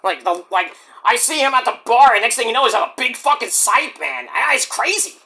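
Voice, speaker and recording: A man doing a cocky shouting wrestler. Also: very high voice, expressive, a little fast, exaggerated voice. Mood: rambling. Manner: loud boastful, shouting and grunting. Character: cocky brash late male wrestler in the afterlife.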